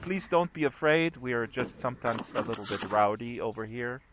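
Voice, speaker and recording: A man's voice: mid-range voice, animated, normal speed, noisy background. A man hosting a casual live stream chat in a virtual world, playful and joking with a rowdy group. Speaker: host.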